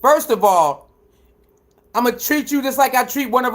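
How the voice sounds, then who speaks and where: A man with a notably high speaking voice hosts a live stream and reads viewer comments aloud. He talks directly to his audience in a loose, repetitive way and gets fired up when answering a critic. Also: big pitch swings, normal speed. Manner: chatty, repeats himself, talks straight to viewers. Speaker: livestream host reading chat.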